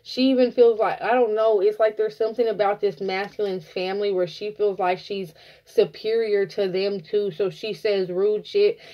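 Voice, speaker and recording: A woman giving a casual tarot reading, blunt and profane, telling it like an animated story. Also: mid-range voice, normal speed, lo-fi sound. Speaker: tarot reader.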